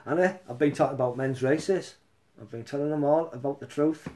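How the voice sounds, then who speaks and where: A man's voice: mid-range voice, steady tone, a little fast, a little hiss or hum. A man rambling casually on a live stream between songs, swearing and laughing often. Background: loud acoustic guitar.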